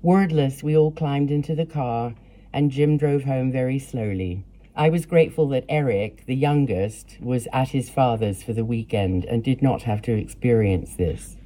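A woman reading her own memoir aloud in a measured, plain storytelling way. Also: very deep voice, mellow. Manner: measured, plain storytelling with blunt profanity in quotes. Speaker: memoir narrator. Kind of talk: first-person memoir reading.

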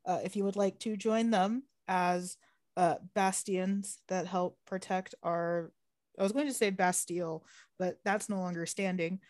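A young woman co-hosting a podcast in casual chat, animated, swearing freely and laughing often. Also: on the low side, a little slow, dry recording, studio quality. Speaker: podcast co-host.

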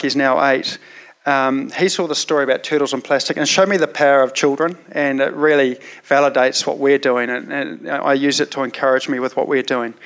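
A man's voice: a little high, fairly bright tone, clean tone. A man with a New Zealand accent telling a personal story in a casual, rambling way, full of "you know" fillers.

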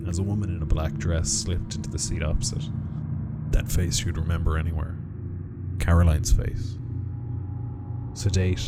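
A man narrating a short story in a measured, even storytelling delivery. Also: deep voice. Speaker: narrator reading short stories. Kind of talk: scripted story reading. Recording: music bed under the voice. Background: music.

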